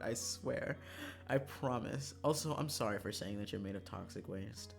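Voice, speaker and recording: Game streamer, casual chat, animated, swears a lot, middling pitch, soft music in the background. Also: normal speed, gravelly. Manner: animated, swings between loud ranting and quiet mumbling; swears freely, laughs often. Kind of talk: casual chat while playing a visual novel.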